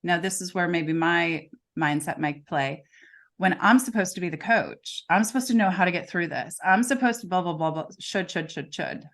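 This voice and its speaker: A woman's voice: fairly low pitch, normal speed, gravelly, fairly bright tone. A woman coach hosting a casual interview, emphatic and often checking in with "right?". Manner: emphatic, peppers talk with "right?". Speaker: podcast host, coach.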